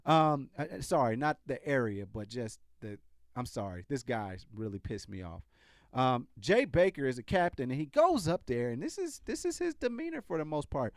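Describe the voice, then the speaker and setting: A man's voice: medium pitch, sing-song, normal speed, no room sound, clean studio sound. A man hosting a podcast, talking in a casual, sarcastic commentary style and often restarting his sentences. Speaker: podcast host.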